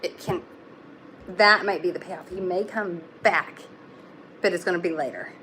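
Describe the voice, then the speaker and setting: A woman's voice: on the low side, normal speed, bright, forceful tone, a little hiss or hum. A young woman giving a casual live tarot reading, talking in a chatty, reassuring way with lots of fillers. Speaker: tarot reader.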